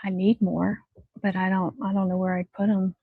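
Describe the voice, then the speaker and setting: A woman hosts a relaxed craft livestream, talking in a loose, rambling way at an everyday middle pitch. The sound is dry and a little dull, like a cheap home microphone. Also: moderate pace, creaky, breathy edge, no echo. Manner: rambling, chatty, talks to her dog. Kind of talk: casual chat on a livestream.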